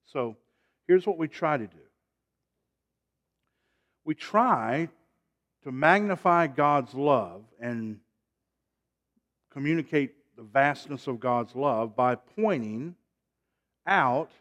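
Man preaching with big loud swings. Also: fairly high pitch. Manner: swings from loud emphatic calls to quiet, drawn-out phrases; asks the congregation for responses. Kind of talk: sermon.

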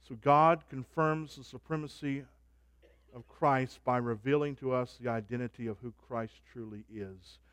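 Preaching man, smooth and dry. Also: steady tone, normal speed, no room sound. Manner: swings from soft, low asides to loud, rising proclamations. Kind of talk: sermon.

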